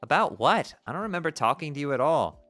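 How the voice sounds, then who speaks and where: A man's voice: fairly high pitch, big pitch swings, fast, fairly bright tone, faint music behind, voice pushed up. A man doing a frazzled, cranky teenage girl. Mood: shaken. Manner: exasperated, whiny. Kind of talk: reading a webcomic aloud.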